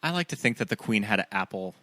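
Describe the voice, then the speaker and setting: A man co-hosting a podcast in casual chat, steady and musing, often asking questions. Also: fairly low pitch, quick pace, no echo. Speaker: podcast co-host.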